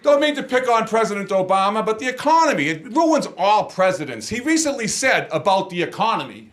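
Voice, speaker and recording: A middle-aged man from the area, doing a stand-up routine of punchy one-liners with deadpan setups. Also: high-pitched, fairly quick. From Boston area, Massachusetts. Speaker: stand-up comedian.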